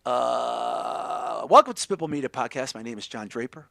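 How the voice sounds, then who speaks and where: A man's voice: mid-range voice, lively intonation, moderate pace, vocal fry, pushed and bright, dry recording. A man hosting a podcast in an upbeat, joking, rambling chat. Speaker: podcast host.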